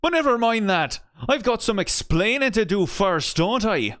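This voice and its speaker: A man putting on a cocky Irish sage with a lively voice. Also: sits high, normal speed, pitched above the performer's own voice. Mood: teasing. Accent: put-on Irish. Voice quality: teasing, breezy banter. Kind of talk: voicing a game character while reading aloud.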